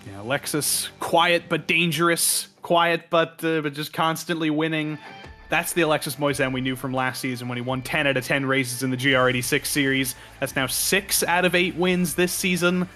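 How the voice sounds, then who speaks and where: A man's voice: on the high side, fairly even intonation, moderate pace, pushed and bright, soft background music. A man giving color commentary on a racing broadcast, chatty and joking as he breaks down the track.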